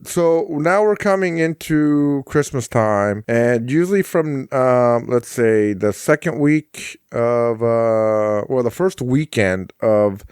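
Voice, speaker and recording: A man in his forties talks casually on a podcast, rambling through driving stories with a self-deprecating streak and plenty of restarts. His voice sits at an ordinary pitch and comes across dry and close, with no room sound. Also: lively intonation, takes it slowly, hardly any pauses, a little mellow, clean tone, no echo. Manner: chatty storyteller, self-deprecating, frequent restarts. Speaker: podcast host and rideshare driver.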